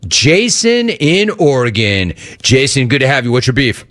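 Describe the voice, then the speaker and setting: A man's voice: mid-range voice, very animated, unhurried, a bit bright. Joking male talk radio host. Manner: joking, riffing. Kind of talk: casual talk radio hosting.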